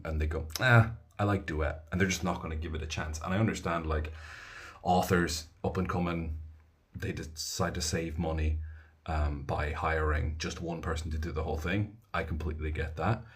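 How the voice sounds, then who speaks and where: An Irish man talks casually on a live stream, rambling as he reads out viewer comments. His voice sits low, with a husky edge. He speaks as an audiobook narrator answering his fans.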